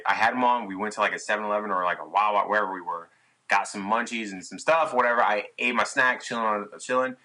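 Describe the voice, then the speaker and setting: A man's voice: fairly low pitch, pushed and bright, low-quality recording. A young man, a guest on a podcast, telling a tour story in casual, profane chat and acting out his own past lines. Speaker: podcast guest, touring musician.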